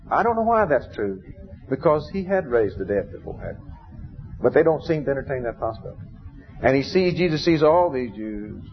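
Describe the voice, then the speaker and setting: A man preaching a sermon in an easy storytelling way, now and then bursting out with emphasis. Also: mid-range voice. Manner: conversational storytelling, rising to emphatic outbursts. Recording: dull lo-fi recording with faint background noise.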